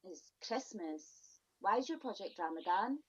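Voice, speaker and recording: With a husky, medium-pitched voice and lively intonation, this middle-aged British woman is a guest on a podcast. She talks casually but bluntly, sounding exasperated and tossing in quick asides, on dull lo-fi audio.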